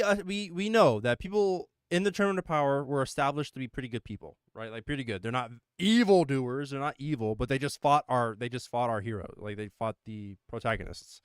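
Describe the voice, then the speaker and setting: A man's voice: medium pitch, clean tone, no room sound, clean studio sound. A man hosting a livestream, chatting casually and animatedly about a mobile game, swearing and laughing often. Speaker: livestream host. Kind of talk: casual gaming chat.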